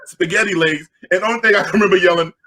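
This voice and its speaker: A middle-aged man from Queens, telling an animated, jokey story and loudly acting out the crowd. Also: high voice, rapid-fire. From Queens, New York.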